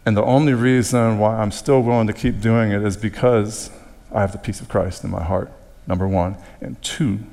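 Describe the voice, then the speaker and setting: A man's voice: on the low side, a little mellow, long reverb tail. A male pastor preaching a sermon in an earnest tone. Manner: earnest, breaks into playful mock voices.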